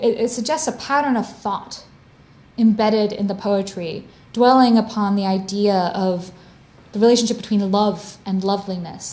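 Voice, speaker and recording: A woman giving an academic lecture to an audience. She explains clearly and stops to define her terms. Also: mid-range voice, darkish tone. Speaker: guest lecturer. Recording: roomy echo.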